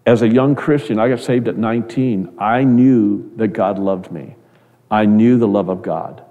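A man's voice: unhurried, mellow, long reverb tail, dull audio. A middle-aged man preaching a sermon in an earnest, repeating way. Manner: earnest, repeats words, rises in pitch when quoting others. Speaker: pastor.

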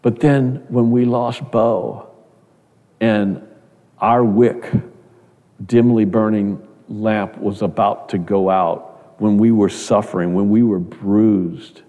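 A man preaching with a low, mellow voice, earnest and conversational, doubling back on his words as he talks. His sermon rings out with a long reverb, as if it were recorded in a large church sanctuary. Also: fairly even intonation, slow pace.

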